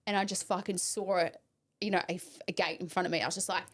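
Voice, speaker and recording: A young woman with a voice on the low side talks fast while hosting a podcast. In a casual storytelling chat, she tells a story animatedly, swears freely and acts out the voices of the people in it.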